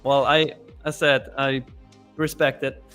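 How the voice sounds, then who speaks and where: A man co-hosting a live trading show, chatting casually in an upbeat, joking way and pitching a sale. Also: level tone, slow, pushed and bright, soft background music. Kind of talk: casual chat.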